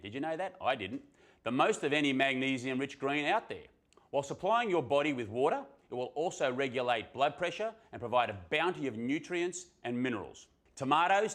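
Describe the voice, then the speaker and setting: A man's voice: mid-range voice, fairly bright tone. A man hosting a health show, presenting a countdown of tips in a chatty, upbeat way. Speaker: host. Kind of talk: casual presenting.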